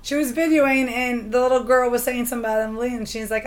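Woman, higher voice, matter-of-fact, agreeable, casual chat. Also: steady tone, quick pace, few pauses.

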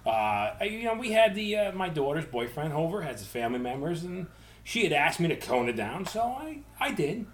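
A man's voice: a little high, brisk, roomy sound. Rowdy middle-aged man telling swearing stories. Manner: loud, animated storyteller who swears freely. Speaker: podcast host. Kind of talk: casual profane chat.

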